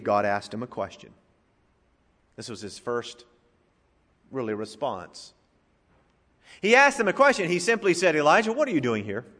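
A man preaching a sermon as pastor, moving from soft asides to loud, emphatic lines. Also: on the high side, big-room sound.

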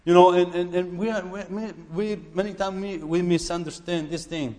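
A man who is a missionary preaching in a church, halting and repeating words as he urges the congregation. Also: high-pitched, fairly even intonation, mellow, long reverb tail. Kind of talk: sermon.

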